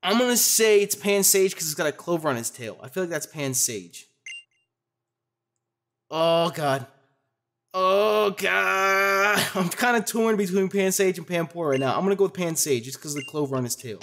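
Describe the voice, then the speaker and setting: A young adult commentating a Pokémon Let's Play, loud, profane and animated, with a desk mic and facecam. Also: medium pitch, brisk. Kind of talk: gaming commentary.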